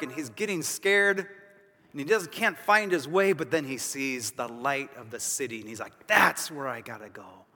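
Pastor guy giving a sermon, kinda high bright voice, says stuff twice for punch, long echo from the church hall. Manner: emphatic, repeats phrases for stress; casual asides to the congregation. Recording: long reverb of a large hall.

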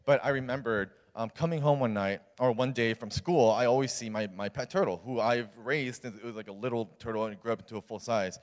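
A man's voice: medium pitch, a little fast, few pauses. A young man, a youth pastor, telling a personal story in a sermon in a casual, earnest way with many fillers. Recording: long reverb of a large hall.

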